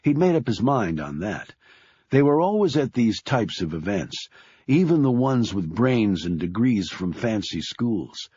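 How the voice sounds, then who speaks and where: A man giving measured, deliberate scripted audiobook narration. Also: fairly low pitch, big pitch swings, warm tone, breathy edge, highs cut off.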